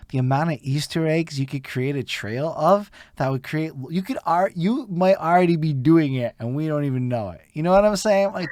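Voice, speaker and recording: Excitable swearing young Canadian man. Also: a little high, no room sound, clean studio sound. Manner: excitable, swears a lot, heavy use of "like". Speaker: interview host. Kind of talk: casual chat.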